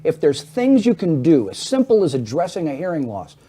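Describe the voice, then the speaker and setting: A man's voice: fairly high pitch, sing-song, fairly quick, dark tone, husky. A middle-aged man who is a guest on an interview show, explaining at length in an earnest, persuasive way. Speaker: hearing aid business guest.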